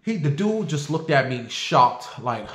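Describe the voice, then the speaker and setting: Casting: man, slightly high voice, animated, profane storyteller who talks straight to his viewers, echoey room. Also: measured pace. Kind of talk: casual storytime monologue.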